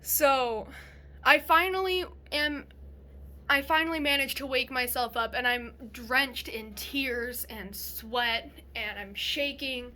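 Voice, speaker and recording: A woman's voice: high-pitched, slow, sharp tone. A young woman vlogging to a phone camera, telling a story casually in a rambling way with many restarts.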